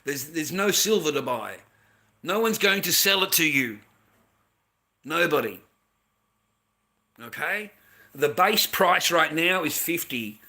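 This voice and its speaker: A man's voice: fairly high pitch, lively intonation, takes it slowly, long pauses, pushed and bright. An Australian man ranting in a casual, blunt way, swearing a lot and repeating "mate". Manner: blunt, repetitive, swearing, keeps adding "mate". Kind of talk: casual profane rant.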